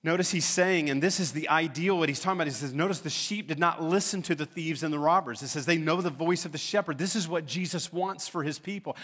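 A man's voice: fairly high pitch, fast talker, hardly any pauses, a bit bright. A man preaching a sermon as pastor, emphatic, building to urgent pleas.

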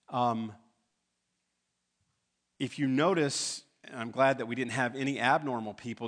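A man preaching a sermon in a church, talking in a relaxed way and making joking asides to the congregation. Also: medium pitch. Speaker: pastor. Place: church sanctuary.

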